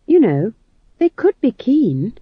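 A woman's voice: a little high, sing-song, takes it slowly, slightly rough, dry recording, pitched above the performer's own voice, heavily acted. A woman voicing an earnest, anxious young female witch who pleads and quavers. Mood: pleading. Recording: dull dry studio read.

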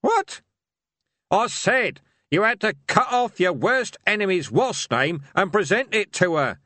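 A man's voice: on the high side, very animated, moderate pace, fairly bright tone, no echo, voice pushed up. A man voicing a grumbling old male barbarian warrior who talks bluntly and swears. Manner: gruff, blunt and cursing.

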